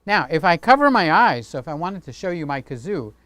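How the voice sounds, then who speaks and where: Playful male livestream host who chats with viewers; smooth tone, dry close sound. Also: a little high, sing-song, brisk, fairly bright tone, no echo. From Greek heritage. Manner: chatty, playful, talks with his hands. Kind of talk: casual livestream chat.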